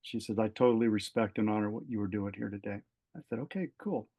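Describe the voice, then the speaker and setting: Speaking quickly in a lowish voice on a muffled recording, a middle-aged Californian man, once a fire captain and now retired, guests on a podcast. He narrates a personal story with animation, acting out dialogue amid frequent fillers and restarts.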